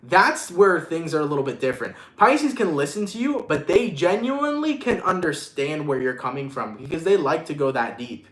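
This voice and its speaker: A man's voice: on the high side, big pitch swings, normal speed, hardly any pauses, a bit bright, echoey room. A man giving a casual live-streamed tarot reading, emphatic and profane, speaking with love to viewers. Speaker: tarot reader.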